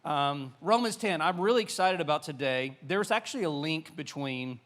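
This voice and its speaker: A man's voice: mid-range voice, measured pace, fairly bright tone. A man in his forties with a Southern American accent, a pastor preaching a sermon in a loose, conversational way full of fillers and restarts.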